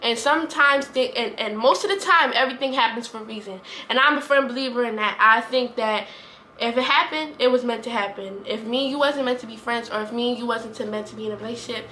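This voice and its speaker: Earnest high bright-voiced woman vlogger. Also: quick pace, slight background noise. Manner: earnest, rambling, repeats herself. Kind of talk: heartfelt casual talk to camera.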